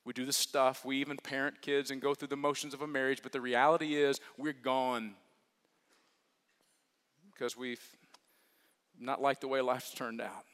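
A man preaching a sermon as pastor, earnest and repetitive, swinging from hushed to emphatic. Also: mid-range voice, steady tone, moderate pace, pauses often. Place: large church hall. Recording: long reverb of a large hall.

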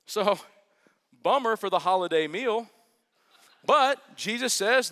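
High-voiced pastor in a reverberant hall. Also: male voice, animated, bright, forceful tone. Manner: casual, joking storytelling with slow emphatic phrases. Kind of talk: sermon. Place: church.

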